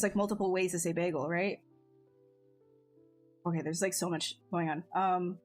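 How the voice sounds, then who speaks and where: A woman streamer chatting casually with her viewers, bubbly and talkative, laughing often and restarting her sentences. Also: lowish voice. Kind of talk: casual chat with live chat. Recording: faint music behind.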